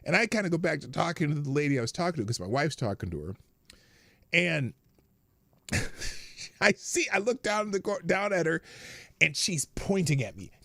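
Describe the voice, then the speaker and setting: A man hosting a live stream, telling a story in a casual, animated way, acting out the other people's lines and laughing often. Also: fairly high pitch, moderate pace, vocal fry, long pauses, dry recording. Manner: animated, acts out quoted voices, laughs often. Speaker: livestream host.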